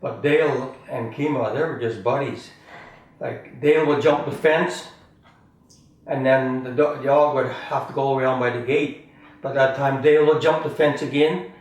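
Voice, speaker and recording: At a moderate pace and with fairly even intonation, an older man reminisces casually in a mid-range voice, telling family stories. He rambles and chuckles, regularly finishing sentences with "eh?", heard through a distant mic in a roomy room with faint noise.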